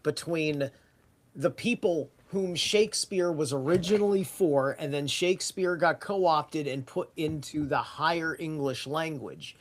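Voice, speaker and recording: Man, rambly podcast talker, highish voice, casual swearing. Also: unhurried.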